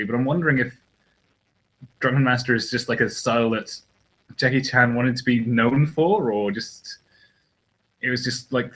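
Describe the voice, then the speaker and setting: A podcast co-host with a mid-range, slightly bright voice rambles hesitantly through a casual chat, often restarting his sentences. The recording quality is rough.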